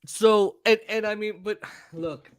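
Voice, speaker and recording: A man co-hosting a podcast, telling stories in a casual, profane, animated way. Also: sits high, a little slow, clear, resonant tone, no room sound, studio quality. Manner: animated, profane, acts out voices. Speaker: podcast co-host. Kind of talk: casual storytelling chat.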